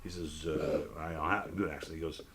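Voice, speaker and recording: A man hosting a casual wine tasting chat, telling stories with lively asides. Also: extremely low pitch, fairly quick. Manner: storytelling, animated, laughing asides. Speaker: wine club host. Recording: noticeable background noise.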